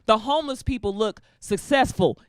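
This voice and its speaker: A woman performing a stand-up comedy set, telling lively stories and acting out characters in put-on voices. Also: fairly high pitch, normal speed. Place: comedy stage before a laughing audience.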